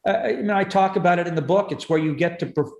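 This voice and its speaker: A man tells comic stories at a rapid clip, painting vivid pictures as he goes. His voice sits a little high. The room around him rings with a noticeable echo. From Canada. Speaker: guest comedian. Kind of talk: animated storytelling chat. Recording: echoey room.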